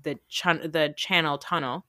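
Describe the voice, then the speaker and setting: A woman hosting a podcast, telling a travel story in casual chat with animated delivery and casual swearing. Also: low-pitched, measured pace, no room sound, studio quality. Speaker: podcast host.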